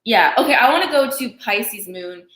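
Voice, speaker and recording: A woman's voice: a little high, lively intonation, moderate pace, a bit bright. A woman astrologer co-hosting a live stream, rambling and teasing in casual talk. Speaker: astrologer co-host. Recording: echoey room.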